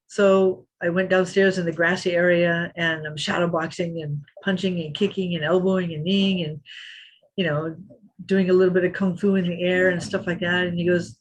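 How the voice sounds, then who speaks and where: A woman's voice: lowish voice, fairly quick. A woman in her fifties, a guest on a podcast, telling an anecdote and acting out what people said. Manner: lively anecdote teller who acts out quotes. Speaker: interview guest. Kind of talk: storytelling in a podcast interview.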